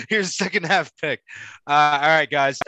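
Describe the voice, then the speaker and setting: Bright, excitable young man hosting a podcast. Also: a little high, normal speed, no echo. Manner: laughing, swears freely, excitable storyteller. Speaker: podcast host. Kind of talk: casual sports podcast chat.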